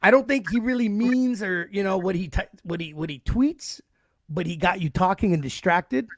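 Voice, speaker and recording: A man's voice: high-pitched, expressive, moderate pace, no echo, studio quality. A man co-hosting a podcast, talking casually and agreeing emphatically, with some swearing. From Canada. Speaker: podcast co-host. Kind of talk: casual chat.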